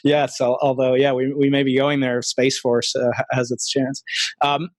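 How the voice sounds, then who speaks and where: A man's voice: mid-range voice, flat delivery, normal speed, no echo. Hesitant male podcast host, dry sound. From Long Island, New York. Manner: hesitant, frequent restarts and filler words. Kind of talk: casual interview chat.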